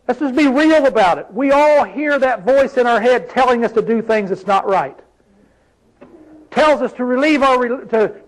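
A man's voice: extremely high pitch, rough recording. A man preaching a sermon, reading scripture aloud and pressing the congregation with rhetorical questions.

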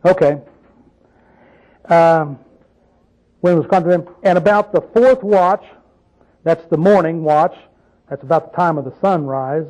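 Here the preacher's voice is on the high side with a darkish tone, moving a little slowly and leaving long pauses; the recording has its highs cut off. He teaches the Bible informally, conversing with listeners, quizzing them and slipping in folksy tales.

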